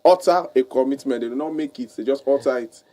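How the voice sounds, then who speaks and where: A man hosts a radio talk show in a mellow, mid-pitched voice. He puts brief questions to his guest and fills the gaps with soft agreeing murmurs. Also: fast talker. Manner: asks short questions and backs the guest with murmurs. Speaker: radio host.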